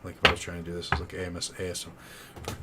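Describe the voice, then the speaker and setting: A man's voice: low voice, completely flat delivery, racing, heavy background noise. A man streaming tarot readings live, chatting casually, rambling and thanking viewers by name. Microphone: studio condenser mic.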